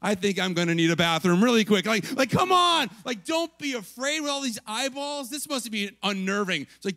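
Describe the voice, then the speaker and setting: High, bright-voiced chatty male pastor. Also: animated, a little fast, hardly any pauses, no echo. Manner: chatty, lots of "like" and "right?", acts out quotes with laughs. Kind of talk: casual conversational sermon.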